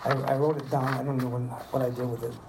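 A man in his seventies preaching a sermon, telling animated personal stories and checking in with the listeners. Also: mid-range voice, quick pace, gravelly, background noise. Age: 70s. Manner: animated storytelling, asks "Are you with me?". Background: audience responding.

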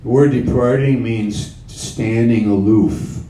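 Male preacher, sermon delivery, unhurried and emphatic; echoey room, mic at a distance. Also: on the low side, dark tone. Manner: slow, emphatic, with repeated phrases. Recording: roomy sound from off-mic.

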